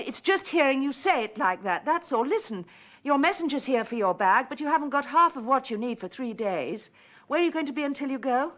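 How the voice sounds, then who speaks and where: An actress playing a desperate woman abandoned by her lover, clipped, formal and bitterly ironic. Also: fairly high pitch. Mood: strained. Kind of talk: 1990s television drama acting.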